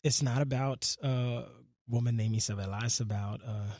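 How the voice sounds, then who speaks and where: Man, radio guest, mid pitch, dry studio sound, laid-back, slips into reciting lyrics. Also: moderate pace, dry recording. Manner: relaxed, half-sings and recites his lyrics. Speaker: guest musician. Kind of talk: casual radio interview.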